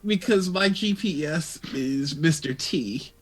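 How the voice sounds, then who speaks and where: A man talking casually as a co-host on a live stream. His voice is notably high for a man, and he muses in steady, easy runs. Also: slow pace. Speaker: podcast co-host.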